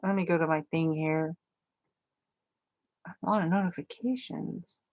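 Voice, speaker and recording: Her fairly low voice is a little mellow and a little slow as she chats away to her livestream viewers. She hosts a crafting stream, and the casual conversation is loaded with fillers.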